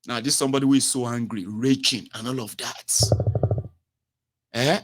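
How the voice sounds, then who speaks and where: A man's voice: medium pitch, steady tone, normal speed, long pauses. A man, hosting a talk show in a loose, expansive monologue with frequent "eh" and "you know". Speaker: show host.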